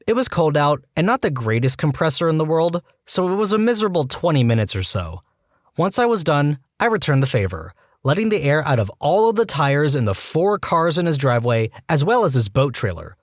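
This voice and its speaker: A man narrating reader-submitted stories as a podcast host, with animated storytelling and quick asides. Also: fairly high pitch, no echo, clean studio sound.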